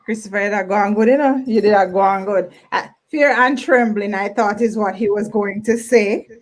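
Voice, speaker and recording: A woman's voice: medium pitch, moderate pace. A woman hosting a group video chat, playful and teasing, laughing often. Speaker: host.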